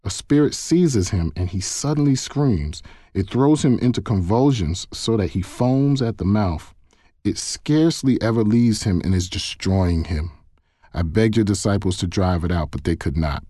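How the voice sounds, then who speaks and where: A man's voice: fairly low pitch, expressive, moderate pace, dark tone, no echo, clean studio sound. A man reading the words of a desperate father who pleads for help for his only son. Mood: pleading.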